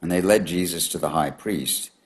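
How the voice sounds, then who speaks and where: A man reading a long Bible passage aloud in a measured, steady way. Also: sits low. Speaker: scripture reader.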